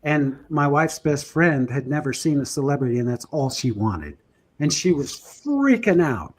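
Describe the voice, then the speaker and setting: Man, guest, animated storyteller, slightly high voice, chuckles. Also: moderate pace. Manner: lively, chuckling, breathless storytelling. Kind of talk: animated anecdote telling.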